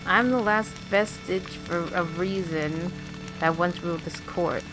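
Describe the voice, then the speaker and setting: A woman's voice: lowish voice, unhurried, lightly acted. A woman reading the lines of a solemn spirit of a fading dream court in a story game, over game music.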